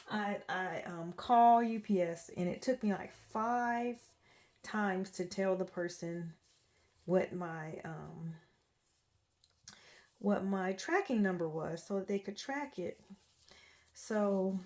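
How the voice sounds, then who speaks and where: A woman's voice: medium pitch, a little mellow. A woman telling a rambling story in a casual home vlog, full of fillers and restarts while she changes a doll. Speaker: reborn doll artist.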